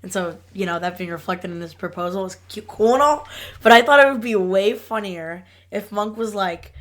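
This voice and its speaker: A woman's voice: medium pitch, a little fast. A young woman co-hosting a podcast, playful and giggly in loose casual chat. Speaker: podcast co-host.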